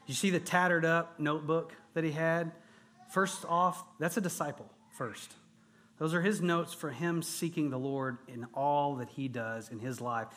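Man, pastor, high voice, earnest emphatic sermon, repetitive preaching. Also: steady tone, measured pace, a bit bright. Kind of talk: sermon to a men's gathering.

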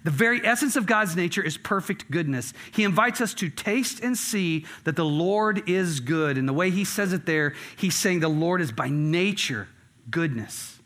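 A man's voice: high-pitched, lively intonation, moderate pace, a bit bright. A middle-aged man preaching a sermon as a pastor. He tells stories in a conversational way and stresses his points earnestly. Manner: conversational storytelling with earnest emphasis.

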